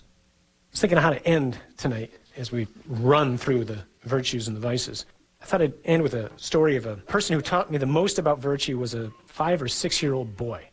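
A middle-aged priest giving a sermon in an earnest, conversational storytelling manner, with casual asides. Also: male voice, mid-range voice, fairly quick, breathy edge, low-quality recording.

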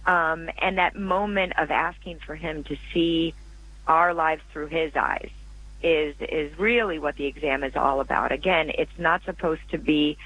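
High, bright-voiced man, earnest guest. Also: steady tone, unhurried, a little hiss or hum, poor audio. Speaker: guest author. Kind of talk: radio interview.

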